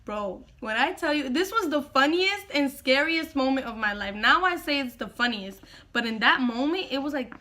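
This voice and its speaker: Bright, high-voiced young woman telling a story. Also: moderate pace. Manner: animated, slangy, says "bro" often. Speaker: vlogger. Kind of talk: casual storytime.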